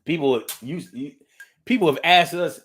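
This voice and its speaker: A man's voice: on the high side, moderate pace, a bit bright. A man hosting a livestream, reading viewer comments aloud and musing in a casual, drifting way with frequent hums, restarts and the odd swear word. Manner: blunt, with casual profanity.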